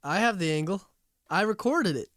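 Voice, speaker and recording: Excitable slangy guy, higher voice. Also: normal speed, no echo, clean studio sound. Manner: excited, slangy with "dude" and "bro". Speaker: podcast co-host. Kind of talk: casual chat.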